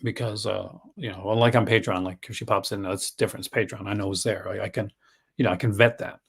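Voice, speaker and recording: A man's voice: fairly low pitch, fairly even intonation, fast talker, creaky, slightly rough. Chatty Canadian man with a mixed accent. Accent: mixed Canadian and Newfoundland. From Newfoundland, Canada. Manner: chatty, laughs often, retells stories with voices. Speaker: host. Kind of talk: casual livestream chat.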